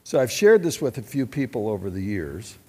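A man preaching a sermon as pastor, swinging from loud exhortation to quiet personal storytelling. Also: on the low side, big pitch swings, fairly quick, breathy edge. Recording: long reverb with faint music.

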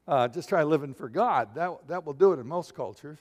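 A man delivers a sermon with a high voice, and the sound rings out with long reverb from a large room. He tells the story with humor and acts out quick voices for the people in it. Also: animated, a little mellow. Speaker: pastor.

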